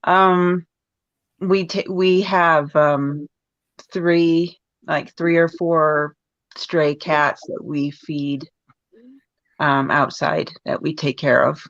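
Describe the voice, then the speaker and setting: A woman guest in a casual talk, speaking haltingly with many fillers and restarts. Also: deep voice, steady tone, a bit bright, no echo, muffled recording. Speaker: podcast guest. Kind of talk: casual conversation.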